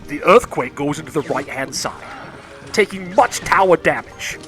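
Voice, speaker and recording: A man doing a slow, dramatic announcer impression during live game commentary. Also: on the high side, expressive, a bit bright, pitched below the performer's own voice. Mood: grandiose. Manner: measured, dramatic delivery. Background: music.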